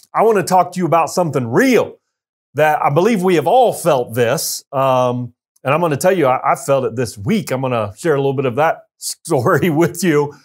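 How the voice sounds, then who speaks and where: A man giving a motivational business talk straight to his viewers, energetic and emphatic, addressing them directly. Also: medium pitch. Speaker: business coach.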